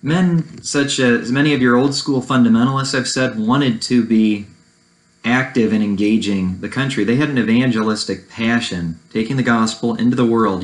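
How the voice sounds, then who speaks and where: A man's voice: medium pitch, fairly bright tone, roomy sound, rough recording. A man giving an unscripted church history lecture, often restarting phrases and adding fair-minded asides. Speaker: church teacher.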